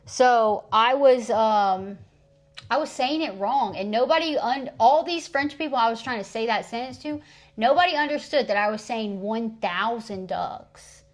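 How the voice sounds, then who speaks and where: Slow-talking chatty woman streamer. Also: fairly high pitch. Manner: chatty, self-mocking, repeats practice French phrases. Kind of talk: casual live-stream chat. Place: at home streaming. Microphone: streaming mic.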